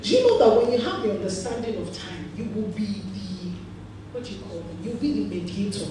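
A woman pastor with a Nigerian accent preaching a sermon, telling stories with animated laughter. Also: medium pitch, a little fast, noisy background. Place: church hall. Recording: echoey hall, voice from far off.

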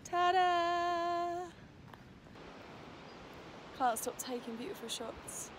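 A young woman from Britain talks to her handheld camera while she travels, bubbly and quick to giggle. She speaks slowly in a slightly high voice. Steady road and room noise sits behind her. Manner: bubbly, giggly, easily delighted. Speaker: travel vlogger. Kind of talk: casual vlog narration. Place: on the road, indoors and outdoors. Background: background noise and vehicle sounds.

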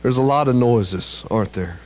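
A man preaching a sermon as pastor, slow and emphatic, climbing higher and louder at peaks and dropping low and quiet on key phrases. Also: low-quality recording.

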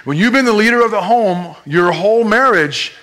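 A man, a pastor, preaching a sermon in a playful, animated way, with live demonstrations using a volunteer during a church service. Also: high voice, moderate pace.

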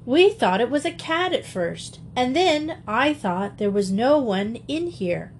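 Earnest young boy owning up, higher pitch, read by a woman. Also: sing-song, unhurried, slight background noise. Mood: sheepish. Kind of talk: audiobook character reading.

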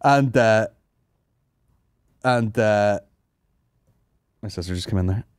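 A man's voice: lowish voice, steady tone, a little slow, darkish tone, smooth, dry recording, studio quality. A man hosting a comedy podcast, telling rambling, sweary stories, laughing and mimicking people. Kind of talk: casual storytelling chat.

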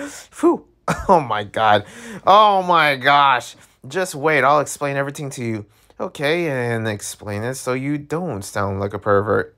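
A man casually reading a webtoon aloud, reacting excitedly to scenes with gasps and laughter. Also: medium pitch, takes it slowly. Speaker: webtoon reader. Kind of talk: casual read-along with reactions.

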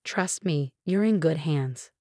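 A woman's voice: deep voice, lively intonation, slow, darkish tone, dry recording, clean studio sound, full character voice. A woman voicing a nervous make-up artist who sounds falsely reassuring.

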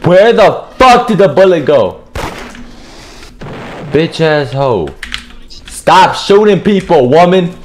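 A young man giving loud, profane gameplay commentary, trash-talking and often shouting. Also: on the high side, animated, slow pace, pauses often, over music. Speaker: gamer streaming gameplay.

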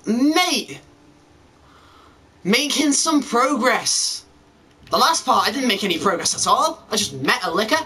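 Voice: mid-range voice, big pitch swings, a little slow, long pauses, bright, forceful tone, slightly rough, far from the mic. A gamer giving let's-play commentary during a horror game, talking to themself and to viewers and swearing when startled.

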